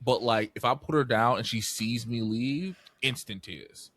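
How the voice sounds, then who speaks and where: A young man co-hosting a podcast, telling animated stories in casual chat, swearing freely and acting out voices. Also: mid-range voice, unhurried, dry recording. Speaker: podcast co-host.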